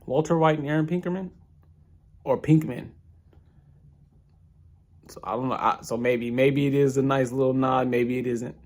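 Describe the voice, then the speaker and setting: A young man talking through an episode recap in a loose, rambling way. He thinks aloud as he goes and backs up to restart his sentences. His voice sits at a middling pitch. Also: fairly even intonation, moderate pace, pauses often, darkish tone. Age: young adult. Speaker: podcast reviewer.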